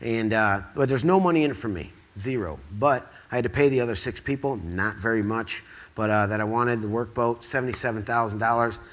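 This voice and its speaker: Man, from the midwest, storytelling on stage, excitable, rambling, bright forceful voice. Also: medium pitch, fairly quick. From Quad Cities, US Midwest. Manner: excitable, rambling, acts out quoted dialogue. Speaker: speaker at an awards event. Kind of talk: storytelling to a live audience. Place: theatre stage.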